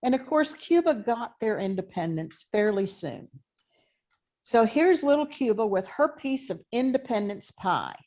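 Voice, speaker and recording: A woman teaching a history class over a video call. She talks in a relaxed, conversational way and fills the gaps with "okay" and "you know" as she walks through her material. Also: fairly high pitch, a little slow. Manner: conversational, thinks aloud with fillers. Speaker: history professor. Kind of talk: online lecture.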